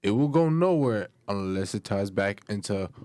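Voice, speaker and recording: A man's voice: lowish voice, expressive, moderate pace, a little mellow. Sarcastic male podcast co-host. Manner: sarcastic, mocking, keeps betting on his point. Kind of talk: casual chat.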